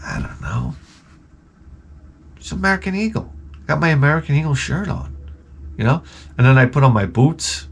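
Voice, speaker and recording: A man's voice: fairly high pitch, lively intonation, moderate pace, creaky, pauses often, husky. A man hosting his channel, talking in a rambling comedic monologue and swearing constantly. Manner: rambling, jumps between jokes. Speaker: host of a retro gaming channel.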